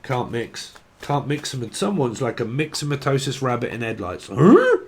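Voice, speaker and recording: A man's voice: mid-range voice, huge pitch swings, moderate pace, husky. A man giving a rambling, comic tarot reading, swearing freely and acting out silly scenes. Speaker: tarot reader.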